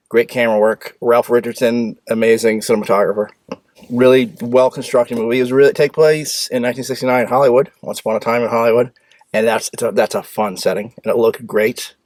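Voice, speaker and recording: A man's voice: mid-range voice, no room sound. A man hosting his own film review show, talking casually and bluntly, rambling with restarts and sudden bursts of speed. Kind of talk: casual opinionated movie review.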